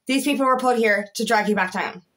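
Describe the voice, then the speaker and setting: A woman's voice: on the high side, a little fast, fairly bright tone. A woman coaching others in an impassioned vlog monologue, emphatic and full of swearing, repeating herself to drive her points home. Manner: emphatic and heavily profane, with insistent repetition. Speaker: feminine empowerment coach.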